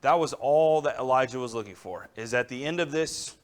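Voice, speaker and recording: A young adult man with a medium-pitched, brisk voice preaches a sermon conversationally. He keeps checking in with his listeners, often dropping in "all right" and "right?"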